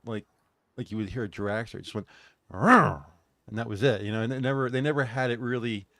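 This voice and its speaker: A man in his sixties hosting a casual talk show, rambling and nostalgic as he reads out viewer comments. His voice sits at an ordinary pitch for a man. The sound is dry and close to the mic. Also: fairly even intonation, fast, no room sound. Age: 60s. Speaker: show host. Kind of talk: casual chat.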